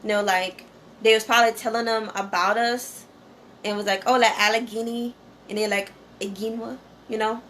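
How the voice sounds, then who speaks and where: A woman's voice: medium pitch, steady tone, brisk, fairly bright tone, slight background noise. Casual woman talking to viewers. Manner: conversational, repeats "okay?" and "you know". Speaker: channel host.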